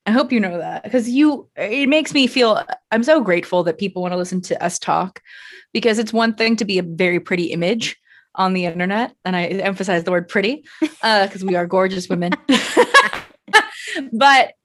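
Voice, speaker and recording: A woman's voice: mid-range voice, moderate pace. A young woman co-hosting a podcast, telling stories candidly in casual chat and swearing freely. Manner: candid, profane, animated storytelling. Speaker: podcast co-host.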